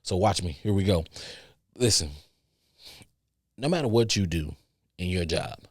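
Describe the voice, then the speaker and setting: Hosting a podcast, a man with a low, darkish, expressive voice speaks a little slowly in a studio-quality recording with no echo. His casual storytelling rambles and repeats. He stutters, restarts and swears freely.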